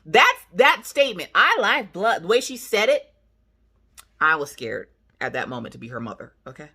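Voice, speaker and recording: A woman hosting a casual vlog, telling a family story in an animated, emphatic way with sassy asides. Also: sits low, moderate pace, slightly rough. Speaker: channel host, mother.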